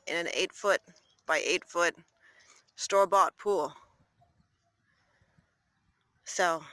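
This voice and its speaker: A woman vlogging outdoors with her pet goose, filming on a phone, talking casually to viewers and coaxing the bird along. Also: no echo. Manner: high excited cheering and coaxing. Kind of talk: casual vlog talk to a pet. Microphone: phone held while walking.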